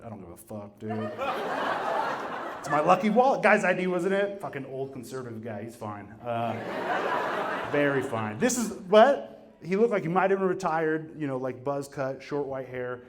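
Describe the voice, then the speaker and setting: A young man doing a profane, rambling stand-up set in a gym, with a crowd laughing. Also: expressive. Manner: profane, rambling storytelling with quick pitch jumps for quoted voices. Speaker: stand-up comedian. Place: gym with a live audience. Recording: live room with crowd noise. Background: audience laughter.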